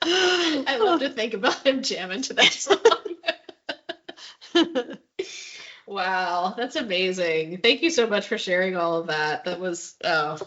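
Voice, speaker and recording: A woman hosting a podcast interview, reacting with short murmurs and warm thanks. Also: mid-range voice, dull audio. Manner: slow, lively, frequent backchannel murmurs. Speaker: podcast host.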